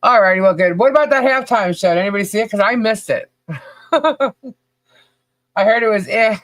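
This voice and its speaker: A woman's voice: medium pitch, moderate pace, dry recording. A woman co-hosting a podcast livestream, chatting casually, laughing often and greeting viewers by name. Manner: laughs often, loose and joking; reads out viewer names one by one. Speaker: podcast co-host.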